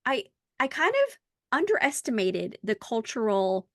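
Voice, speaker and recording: Higher-voiced American woman podcast host. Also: a little slow, no room sound, clean studio sound. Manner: animated storyteller who acts out dialogue. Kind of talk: casual conversational podcast.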